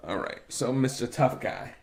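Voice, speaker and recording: A man's voice: medium pitch, expressive, normal speed, reverberant, over a noisy crowd. A man co-hosting a podcast, teasing and laid-back as he poses would-you-rather questions. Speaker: podcast co-host. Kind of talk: casual podcast banter.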